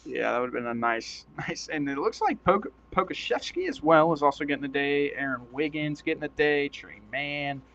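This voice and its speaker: A man's voice: a little high, moderate pace, few pauses. Chatty man calling a game, dull lo-fi sound. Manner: excitable, chatty, often laughs. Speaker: live-stream commentator. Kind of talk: casual play-by-play commentary.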